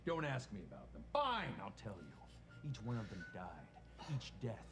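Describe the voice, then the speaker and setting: Hard-boiled detective, gravelly, blunt sarcastic drawl, comedic mystery film, noisy audio. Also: male voice, fairly low pitch, wildly swooping pitch, measured pace, exaggerated voice. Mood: sardonic. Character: gruff hard-boiled male detective, brash and cocky.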